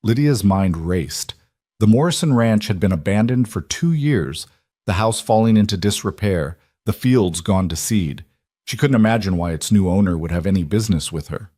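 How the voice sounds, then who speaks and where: A man reading a western romance story in an even, unhurried storytelling voice. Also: lowish voice, no room sound, studio quality. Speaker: narrator. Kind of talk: scripted audiobook narration.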